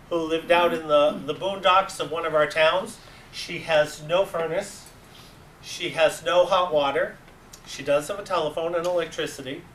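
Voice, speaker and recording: Lively New England man telling stories. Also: on the high side. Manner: animated, acts out voices in anecdotes. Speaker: club advisor giving a talk. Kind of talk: storytelling presentation. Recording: echoey room, distant mic, faint hiss.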